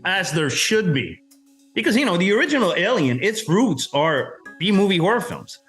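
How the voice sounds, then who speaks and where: A man's voice: high voice, sing-song, moderate pace, fairly bright tone, soft background music. A man co-hosting a show, arguing his view of a film in casual debate, emphatic and swearing casually.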